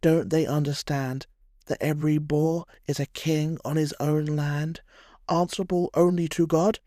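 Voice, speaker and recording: A man's voice: a little high, level tone, measured pace, dark tone, no room sound, clean studio sound, lightly acted. A man voicing an indignant, grumbling Boer farmer ranting bitterly about taxes in a narrated history tale. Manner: bitter, complaining rant.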